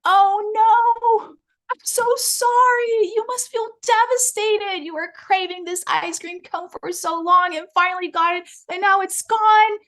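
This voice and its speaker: A woman voicing a hurried, exasperated Mexican mother who scolds her young daughter, with a Mexican accent and a high, emphatic, rushed delivery. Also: fairly even intonation, a bit bright. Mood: soothing.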